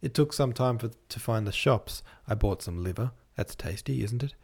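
A man's voice: medium pitch, moderate pace, vocal fry, a little mellow, breathy edge. A man voicing a weary, humble young working-class woman who speaks plainly and self-effacingly.

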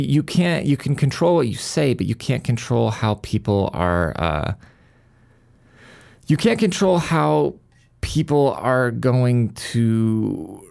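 A man's voice: lowish voice, gravelly, a little mellow. A male podcast host in a worked-up, profane monologue, stumbling over restarts as he rants.

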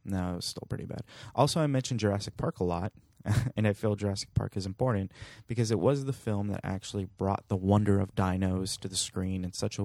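A man's voice: low voice, a little mellow, dry recording, studio quality. A man in his thirties hosting a podcast, talking casually with jokey, self-deprecating asides. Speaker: podcast host.

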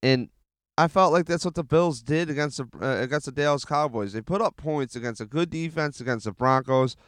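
A man hosting a casual sports podcast, swearing often and rambling excitedly with restarts, speaking into a handheld mic. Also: on the high side, brisk, clear, resonant tone, dry recording, clean studio sound. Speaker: podcast host.

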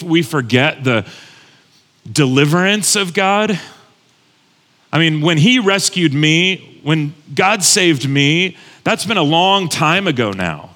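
A man's voice: a little high, bright, forceful tone. A man preaching a sermon as pastor, earnest and conversational, repeating phrases for emphasis. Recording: long hall reverb.

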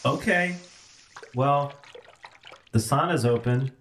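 A man's voice: mid-range voice, takes it slowly, fairly bright tone, a little hiss or hum, voice pushed up. A man doing an easygoing sauna guy. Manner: easygoing, unbothered. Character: laid-back man inviting them into a sauna. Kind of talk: improv comedy role-play.

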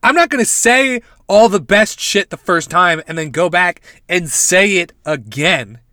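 Dude doing a rambly deadpan podcast bit from his parked car, highish bright voice. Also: a little slow, no room sound, studio quality. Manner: rambling, deadpan, with asides to listeners. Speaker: podcast host. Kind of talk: casual comedic monologue.

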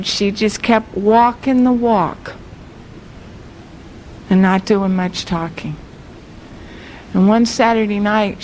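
A woman preacher telling a story in a sermon, earnest and emphatic, slowing down on the key words. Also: mid-range voice, slight background noise, low-quality recording.

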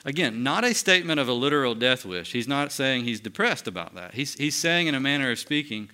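A man's voice: medium pitch, lively intonation, a little fast, hardly any pauses, bright, forceful tone, smooth. A man leading an interactive Bible study, quizzing the group and affirming their answers in a conversational way. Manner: conversational with restarts. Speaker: pastor teaching a Bible study.

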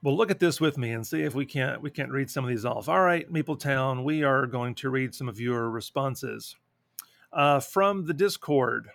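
Relaxed and joking, this board game podcast co-host reads out listener responses during casual chat. He has a medium-pitched, creaky voice at a moderate pace, recorded with no room sound.

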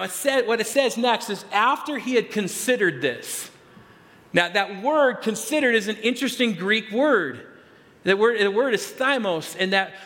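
High-voiced male preacher in a reverberant hall. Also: fairly bright tone. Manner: conversational, restarts and repeats words, stresses key phrases. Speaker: pastor. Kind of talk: sermon.

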